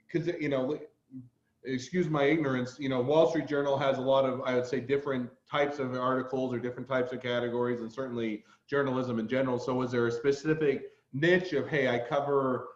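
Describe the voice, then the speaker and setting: A man's voice: mid-range voice, darkish tone, echoey room, lo-fi sound. A man with a Utah accent hosting a podcast interview, rambling and drifting into side tangents. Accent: Utah American. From Utah, USA. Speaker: podcast host. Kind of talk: casual interview.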